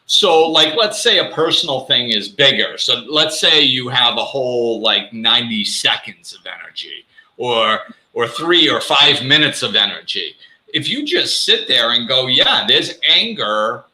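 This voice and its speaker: Hosting a live show, this man talks in a relaxed, animated way with a very bright, forward, mid-range voice at a slightly slow pace. He acts out quotes and pokes fun at himself, and the echoey sound suggests a hard-surfaced room.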